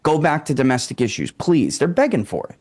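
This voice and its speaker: Earnest man with a lively voice. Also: fairly high pitch, a little fast, breathy edge. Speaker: political commentator. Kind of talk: conversational political commentary.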